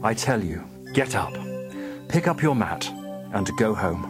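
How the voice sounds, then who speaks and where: Jesus, a man doing a low, calm voice. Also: music in the background. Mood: authoritative. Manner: measured, commanding. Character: calm, authoritative male teacher, Jesus. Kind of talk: dramatized scripture reading.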